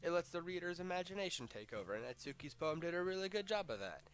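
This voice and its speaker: A man reading the lines of a shy, bookish teenage girl from a game, gently and hesitantly. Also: a little high, very animated, fast. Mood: earnest.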